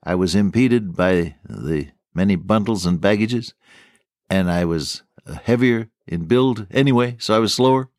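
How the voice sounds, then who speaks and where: Older preacher with a low, dry voice. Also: male voice, a little slow, darkish tone, no room sound. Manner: storytelling, folksy and earnest. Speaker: radio preacher. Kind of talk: radio sermon.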